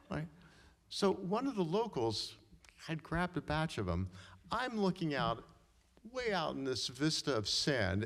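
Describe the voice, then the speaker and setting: A middle-aged man telling a personal story live on stage, talking conversationally and often tagging his sentences with "right?" and clearing his throat. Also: fairly high pitch. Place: stage in a hall before an audience. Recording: long reverb of a hall.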